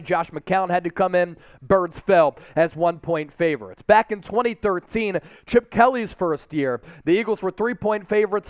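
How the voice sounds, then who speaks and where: A young man hosting a live sports watch party stream from a studio, energetic and hyping up viewers with shout-outs. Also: sits high, dry recording. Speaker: sports show host.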